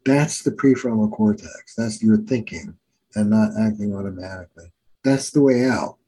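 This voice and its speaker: A man's voice: fairly low pitch, moderate pace, dark tone, slightly rough, poor audio. An older man, a family therapist, telling case stories in an earnest, emphatic teaching manner. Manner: earnest, emphatic teacher repeating key phrases. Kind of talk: storytelling in a podcast interview.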